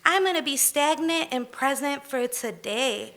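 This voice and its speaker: A woman's voice: high voice, lively intonation, unhurried, a bit bright, a little hiss or hum. A woman in her thirties telling a candid personal story on stage at a live storytelling event, emphatic and conversational.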